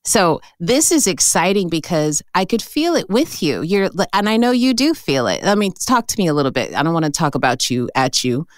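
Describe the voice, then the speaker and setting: A woman with a deep, low voice talks through an astrology reading in a relaxed, chatty way. She keeps checking in with her listener as she goes. The sound is dry and close. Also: normal speed, few pauses, no room sound. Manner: chatty, animated, often says "okay?" and "right?". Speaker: astrologer host.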